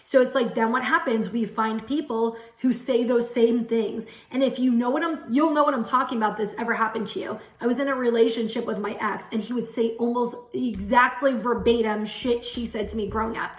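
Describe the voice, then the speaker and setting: A young woman speaks as a tarot reader, candid and earnest, with plenty of casual swearing. Her voice sits somewhat high. The sound carries the echo of a bare room. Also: steady tone, a little fast, few pauses. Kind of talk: casual spiritual talk to viewers.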